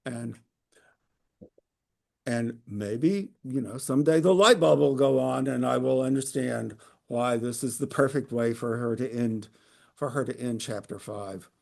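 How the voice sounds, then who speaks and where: Male book club leader, gravelly voice, halting and wry, over a video call. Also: mid-range voice, a little mellow. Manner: hesitant, many fillers and restarts, wry humor. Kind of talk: informal literary talk.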